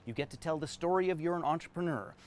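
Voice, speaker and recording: A man's voice: on the high side, fast, a little hiss or hum. A man teaching business owners on a live stream, talking them through a whiteboard drawing with emphatic, story-driven delivery. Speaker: business coach.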